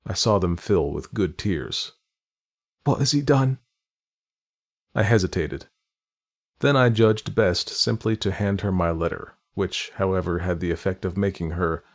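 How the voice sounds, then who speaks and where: A man narrating a classic novel in a measured, literary reading style. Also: sits low, creaky. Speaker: audiobook narrator.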